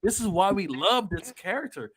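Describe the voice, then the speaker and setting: Animated, excitable male podcast host. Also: high voice, moderate pace, over a noisy crowd. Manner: excitable, profane, emphatic. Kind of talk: casual podcast chat.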